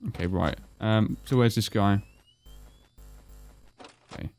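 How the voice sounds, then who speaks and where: A man's voice: fairly low pitch, slow pace, a little mellow, faint music behind. A British man co-hosting a gaming video, chatting casually and muttering to himself as he concentrates on a horror game. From Britain. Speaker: gaming channel co-host. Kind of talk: casual let's-play chat.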